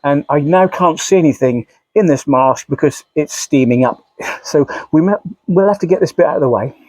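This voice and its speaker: Guy vlogging about model trains, bit high voice, rambly and sighing, laughs at himself. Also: normal speed, darkish tone, no room sound. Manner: rambling, self-mocking, full of sighs. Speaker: model railway YouTuber. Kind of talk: casual vlog chat.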